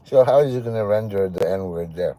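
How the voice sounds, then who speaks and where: A man's voice: lowish voice, brisk. A man chatting casually and joking as he rambles through a livestream. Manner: rambling, joking, lively intonation. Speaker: livestream host.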